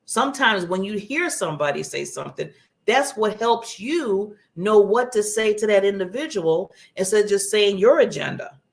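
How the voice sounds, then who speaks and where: A woman's voice: medium pitch, animated, normal speed, gravelly. A woman giving earnest, emphatic motivational advice on a talk show in a broadcast studio, often repeating phrases for emphasis. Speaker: guest speaker giving advice.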